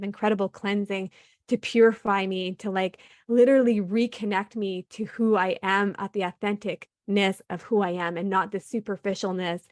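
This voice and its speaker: A woman's voice: mid-range voice, dry recording, clean studio sound. A woman, a guest in an interview, telling her personal story with animation and acting out what she and others said. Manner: animated, often acts out her own past dialogue; laughs between phrases.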